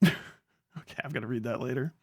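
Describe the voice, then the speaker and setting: A man's voice: mid-range voice, normal speed, husky. A young man hosting a livestream, talking in a loose, profane rant and laughing often. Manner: profane, excitable, laughs often, slips into mock voices. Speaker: livestream host.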